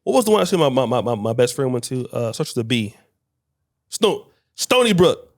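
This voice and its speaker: A man's voice: medium pitch, big pitch swings, brisk, dry recording, clean studio sound. A man interviewing a guest, casual and affirming. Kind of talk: interview conversation.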